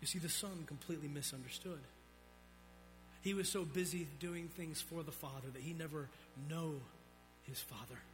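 A man preaching a sermon, swinging between loud emphatic peaks and low, quiet drops. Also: normal speed, music in the background. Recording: long reverb of a large hall.

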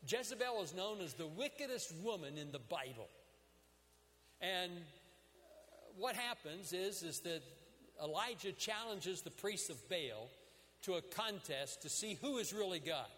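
A man's voice: high-pitched, animated, unhurried, a bit bright. Male preacher, earnest and dramatic in his retelling, voice ringing with long reverb. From United States. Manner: earnest storytelling with dramatic quoted prayers. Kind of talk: sermon.

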